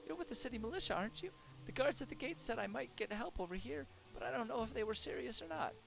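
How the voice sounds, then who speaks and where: A man voicing a panicked refugee who pleads for help in a high, breathless voice. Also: animated, quick pace, creaky, fairly bright tone, heavily acted. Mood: pleading. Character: panicked frightened refugee fleeing killings. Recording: game music behind.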